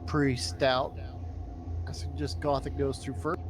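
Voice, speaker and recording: A man playing a tabletop game, talking in an unhurried, hesitant way. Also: mid-range voice, level tone, noisy background. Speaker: player.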